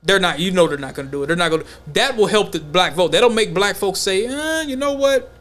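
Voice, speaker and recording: A man hosting a podcast, talking in a loose, slangy, animated way in casual chat. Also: high voice, fast talker. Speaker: podcast host.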